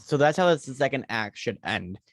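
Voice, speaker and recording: A podcast co-host rambles through ideas in a casual chat about movies, using lots of fillers. His mid-range voice has lively intonation and a normal speed, and the recording is dry with clean studio sound.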